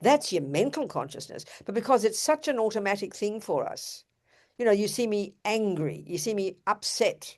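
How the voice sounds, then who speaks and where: A woman's voice: medium pitch, expressive, moderate pace, a little mellow. An older woman giving an earnest, emphatic Buddhist dharma talk, with rhetorical asides to her audience. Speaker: Buddhist teacher.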